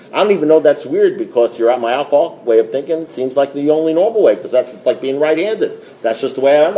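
A man with a fairly high voice speaks to a meeting room with faint noise behind him. He tells his story in a lively, self-mocking way, acts out both sides of an old conversation and keeps checking in with the room. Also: rough recording. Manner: conversational, keeps asking "you know what I mean?".

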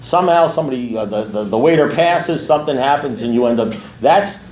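A man's voice: mid-range voice, expressive, brisk, a little mellow. A man speaking at a recovery meeting as a sponsor, blunt and streetwise, repeating lines for emphasis. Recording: echoey room with faint ambience.

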